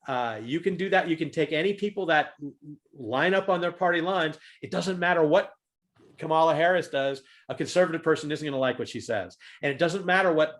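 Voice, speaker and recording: A man giving a talk on humor and leadership over a video call, animated and fond of loud acted-out demonstrations. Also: on the high side.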